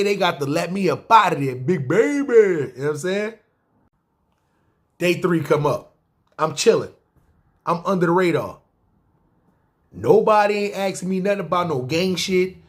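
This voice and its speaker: A man in his thirties with a New York accent, telling a long personal story in slangy casual talk and often checking in with the listener. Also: high-pitched. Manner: slangy street talk, keeps asking "see what I'm saying". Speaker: storyteller host.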